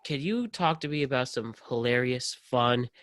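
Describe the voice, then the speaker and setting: A man's voice: mid-range voice, normal speed. A man hosting a casual podcast interview, talking loosely and jokingly with his guest. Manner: joking, loose, animated storyteller. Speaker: podcast host.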